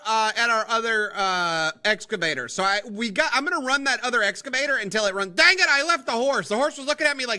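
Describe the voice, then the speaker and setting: Excitable young man playing a game. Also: high voice, fast, few pauses. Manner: excitable, rambling, talks to viewers as guys and boys. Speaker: gaming video host. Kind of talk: casual let's-play commentary.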